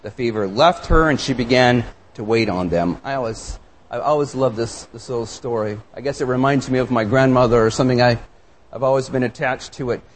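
A man's voice: mid-range voice, brisk, slight background noise. A man preaching a sermon, reading scripture and reflecting on it with earnest, emphatic questions. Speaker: pastor.

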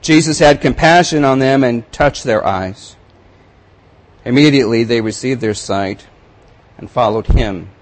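A man's voice: medium pitch, measured pace, rough recording. Man preaching, reading scripture with emphasis. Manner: reads scripture aloud with rising emphasis, then comments quietly. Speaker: pastor. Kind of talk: sermon.

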